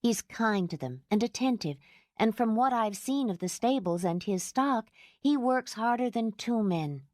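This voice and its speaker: A woman's voice: a little high, lively intonation, a little slow, a little mellow, no room sound, studio quality, voice pushed up. A woman reading an audiobook, voicing a tired, kind young mother who speaks reasonably. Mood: weary.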